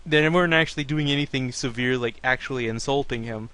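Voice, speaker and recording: A man's voice: mid-range voice, fast talker, few pauses, clean tone, no echo. A man hosting a casual sports talk show, ranting about fans with plenty of swearing. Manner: ranting, profane, animated. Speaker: podcast host.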